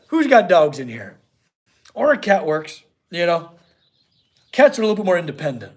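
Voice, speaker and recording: A man's voice: sits high, very animated, normal speed, long pauses. A young man, a blacksmith in his home shop, chatting casually on a live stream and reading chat aloud. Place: home workshop.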